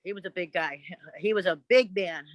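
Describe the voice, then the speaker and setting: A woman, guest on an interview podcast, telling stories in a blunt, profane and animated way, acting out other people's voices. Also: lowish voice, moderate pace, dry recording, poor audio. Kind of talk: casual interview storytelling.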